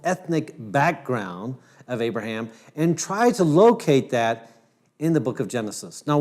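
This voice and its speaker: A man's voice: mid-range voice, darkish tone. A man from Ohio giving a lecture to camera as host, talking in a conversational way with frequent restarts. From Ohio, United States.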